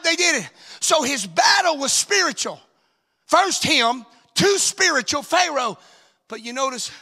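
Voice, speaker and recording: Gravelly shouting preacher man. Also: extremely high pitch. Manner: swings between shouted, sung-out preaching and quiet asides. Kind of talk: sermon. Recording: reverberant hall sound.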